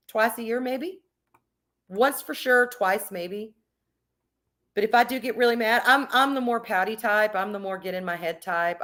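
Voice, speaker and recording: A woman's voice: fairly high pitch, a bit bright. Woman, livestream host, casual chat, candid, emphatic, swears freely. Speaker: streamer reading chat.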